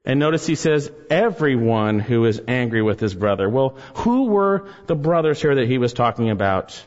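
A man's voice: medium pitch, animated, moderate pace, long reverb tail, highs cut off. A man preaching an expository sermon, building emphasis as he quotes scripture. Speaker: pastor.

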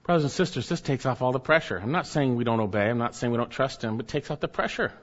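A man's voice: medium pitch, quick pace, big-room sound, dull audio. A man preaching a sermon emphatically, swelling up and then dropping to near murmurs. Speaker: pastor.

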